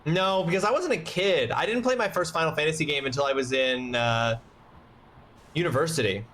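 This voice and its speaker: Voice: mid-range voice, fairly quick, fairly bright tone. A streamer giving chatty, rambling let's-play commentary. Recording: game music playing behind.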